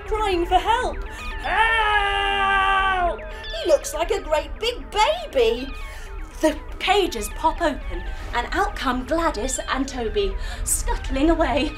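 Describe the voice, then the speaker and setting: A woman teaching yoga to children through a playful story, full of sound effects and guiding instructions. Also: very high voice.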